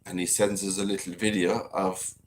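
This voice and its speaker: A man's voice: deep voice, level tone, moderate pace, slight background noise. A man hosting a casual live-stream chat, chatting and reading out viewer comments.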